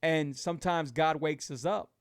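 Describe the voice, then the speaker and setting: A man's voice: a little high, moderate pace, smooth, no echo, studio quality. A middle-aged man, hosting a casual live talk for his viewers. He speaks with emphatic, repetitive, preachy encouragement. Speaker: host of a keto lifestyle show.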